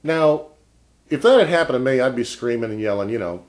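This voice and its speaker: A man's voice: mid-range voice, animated, brisk, a little mellow. A man vlogging a casual story about an old job, rambling and wry, often breaking off mid-sentence. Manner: rambling, self-interrupting, wry.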